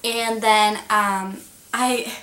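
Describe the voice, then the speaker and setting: Teen girl rambling to her webcam, kinda high voice, says like every two words. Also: steady tone, very slow, a bit bright. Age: teens. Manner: chatty, says "like" constantly, acts out quoted lines. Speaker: vlogger. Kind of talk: casual storytelling vlog.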